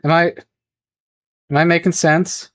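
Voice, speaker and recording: A man talks to his viewers on a casual livestream while he draws. He rambles along at an unhurried pace and laughs often. His voice sounds close and dry, with no room around it. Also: a little high, little pitch movement, no room sound. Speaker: streamer.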